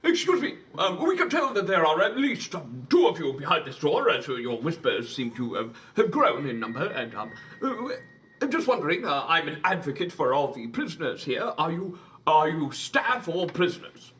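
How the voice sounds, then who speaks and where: High, bright-voiced man, formal and polite. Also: sing-song, normal speed, recorded from a distance. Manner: polite, formal and courteous in character. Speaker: player. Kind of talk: in-character tabletop role-play.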